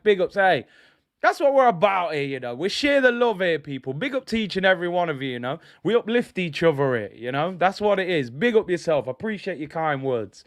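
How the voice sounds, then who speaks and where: A man's voice: fairly high pitch, animated, moderate pace, dry recording, clean studio sound. A man hosting a football fan live stream, chatting casually and upbeat as he reads out viewer messages.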